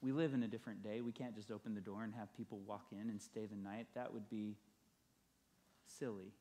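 A man's voice: lowish voice, fairly even intonation, brisk, dark tone. Earnest guy pastor preaching, storytelling, builds on repeated lines. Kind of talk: sermon with storytelling.

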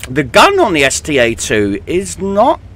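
This young British YouTuber's gameplay commentary is casual and joking, loaded with fillers. His slightly high voice swings hugely in pitch, runs a little slow, and has a fairly bright tone.

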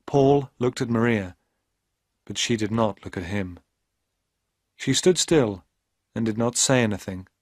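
Slow, clear male storyteller. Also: fairly low pitch, no echo, studio quality. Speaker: narrator. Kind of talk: scripted narration of a graded reader.

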